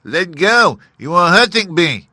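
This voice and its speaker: A man voicing a curious, very polite young elephant calf, talking high and earnest. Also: big pitch swings, measured pace, pushed and bright, no echo, studio quality, exaggerated voice. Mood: distressed, nasal.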